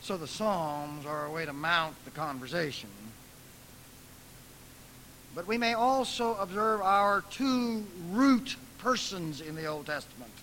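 A man preaching in a lecture style, emphatic, swinging from soft asides to loud dramatic outbursts. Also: high-pitched, expressive, unhurried, a little hiss or hum, low-quality recording.

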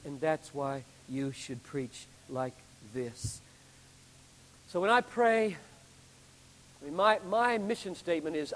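A man pastor delivering a sermon with emphatic preaching, building to loud climaxes and then dropping low. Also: slow, long reverb tail, rough recording.

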